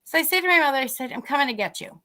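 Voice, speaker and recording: A woman co-hosting a podcast, telling a story in a lively, chatty way and acting out the dialogue. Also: high-pitched, racing. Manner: animated, acts out quoted dialogue. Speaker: podcast co-host. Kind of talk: casual storytelling.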